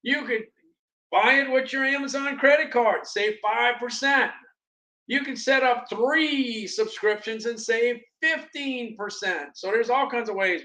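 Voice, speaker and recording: High-voiced rambling man hosting a livestream. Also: poor audio. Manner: rambling, repeats phrases, excitable bursts. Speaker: livestream host reviewing products. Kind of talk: casual livestream product chat.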